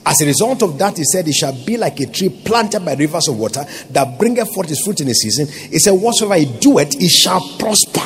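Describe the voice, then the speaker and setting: High-voiced Nigerian preacher. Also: male voice, very animated, fairly quick, hardly any pauses, soft background music. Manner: call-and-response preaching, rising to shouts. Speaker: pastor. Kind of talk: sermon.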